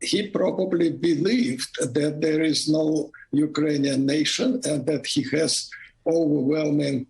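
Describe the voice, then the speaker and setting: A man with a Russian accent, a former diplomat speaking in an interview clip, halting with many restarts. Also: on the high side, steady tone, vocal fry, a little mellow, low-quality recording. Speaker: former foreign minister, interview guest. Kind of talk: interview clip played on radio.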